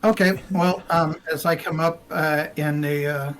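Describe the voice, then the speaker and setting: A man's voice: fairly high pitch, steady tone, moderate pace, fairly bright tone, faint music behind. A man playing a tabletop game, describing his character's actions in a clipped, determined way. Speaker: player. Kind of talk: casual tabletop play.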